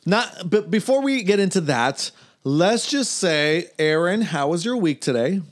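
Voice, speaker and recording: A man's voice: high voice, expressive, a little slow. A man hosting a casual podcast chat, teasing his co-host and rambling with restarts mid-word.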